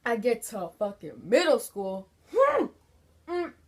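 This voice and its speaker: A woman's voice: fairly high pitch, huge pitch swings, takes it slowly, husky. Frank young woman telling a story. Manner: frank, swears a lot, fillers like 'like'. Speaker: vlogger. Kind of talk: casual storytelling.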